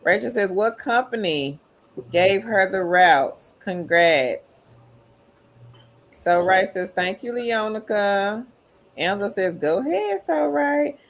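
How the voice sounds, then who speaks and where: A woman's voice: mid-range voice, takes it slowly. A woman hosting a livestream, reading viewers' chat comments aloud in an upbeat, friendly way. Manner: upbeat, calls viewers queen. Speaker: livestream host.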